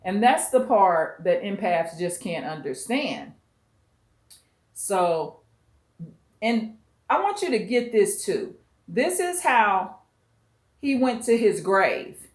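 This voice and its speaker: A woman's voice: medium pitch, very animated, slow, pauses often. Blunt woman in a roomy echo. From US West Coast. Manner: blunt, emphatic, profane. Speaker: commentary channel host. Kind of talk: vlog commentary reacting to a clip.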